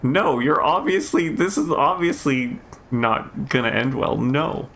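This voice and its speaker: Gaming streamer, man, rambling casual chat, gravelly edge. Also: mid-range voice, animated, unhurried, a bit bright, a little hiss or hum. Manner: rambling, musing, with many fillers. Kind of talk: casual chat while playing.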